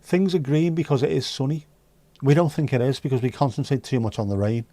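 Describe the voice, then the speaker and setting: A man's voice: medium pitch, fairly quick, mellow, dry recording. A man hosting a livestream, chatting casually and reading out viewer comments with rambling, dry joking asides. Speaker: livestream host.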